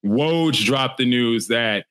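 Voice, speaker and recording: A man's voice: mid-range voice, slow pace, fairly bright tone. A man hosting a casual sports podcast in a brash way, with swearing and laughs. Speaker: podcast host.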